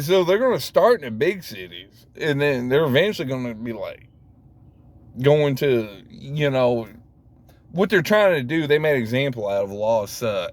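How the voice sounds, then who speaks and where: Slow-talking man ranting profanely. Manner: profane, rambling, many fillers; jumps to high exclamations. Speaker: vlogger. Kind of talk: casual rant.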